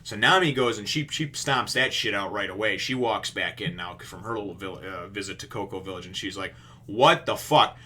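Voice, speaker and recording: A man with a bright, tense edge to his voice retells a comic chapter in a loose, rambling review. He laughs through it, curses freely and acts out the scenes as he goes. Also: on the low side, fairly quick, hardly any pauses. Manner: laughing often, profane, acting out the scenes. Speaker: manga reviewer.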